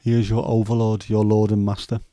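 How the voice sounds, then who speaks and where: A man in his fifties with a Scouse accent and a hoarse throat, hosting a casual chat livestream in a rambling, jokey way with many fillers. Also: lowish voice, monotone, brisk, mellow, dry recording. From Liverpool, England. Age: 50s. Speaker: livestream host.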